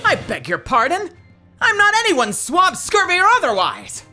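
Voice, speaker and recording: A woman's voice: a little high, huge pitch swings, a little slow, pushed and bright, faint music behind, heavily acted. A woman voicing a prim young female lawyer who takes offense. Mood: indignant. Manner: indignant.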